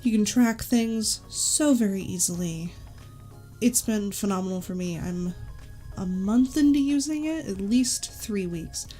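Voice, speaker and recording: Chatty woman with a mellow voice. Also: medium pitch, a little slow, soft background music. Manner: chatty, enthusiastic, self-correcting asides. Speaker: YouTube creator. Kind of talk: casual product recommendation vlog.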